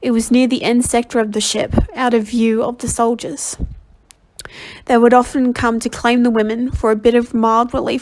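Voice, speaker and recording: Reading a novel as a volunteer, a woman with a somewhat dark voice, a little high for a woman, sounds slightly unwell. Her delivery halts, with frequent stumbles and self-corrections as she backs up to fix words, in a plain amateur style.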